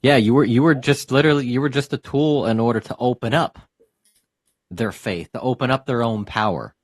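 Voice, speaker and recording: A man's voice: medium pitch, brisk, dry recording, clean studio sound. A man hosting a casual podcast interview, affirming his guest and summing up his point. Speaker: podcast host.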